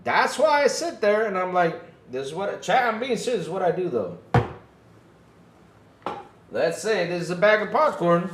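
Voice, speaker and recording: Male podcast host, high, animated and profane on a casual livestream, roomy echo. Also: normal speed, pauses often, slight background noise. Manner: animated, swears freely, acts out quotes.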